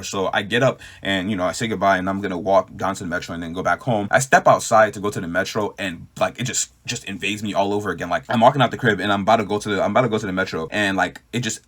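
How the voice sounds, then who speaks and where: A man's voice: deep voice, a bit bright. A young man giving a personal faith testimony in a casual, rambling way, full of fillers and retold inner dialogue. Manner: rambling, fast, filler-heavy; earnest, shaken retelling. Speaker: testimony speaker.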